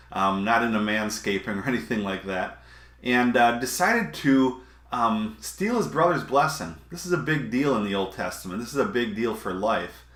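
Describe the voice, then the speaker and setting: A man's voice: medium pitch, fairly bright tone. A man giving a casual, conversational sermon with chuckling asides. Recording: roomy echo.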